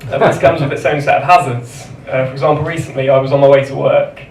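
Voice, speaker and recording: A man doing a dry, deadpan stand-up set in a comedy club, pausing before each punchline. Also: medium pitch, vocal fry. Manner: dry, deadpan delivery with measured pauses. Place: comedy club stage with laughing audience. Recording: roomy live club sound from a distance, audience noise.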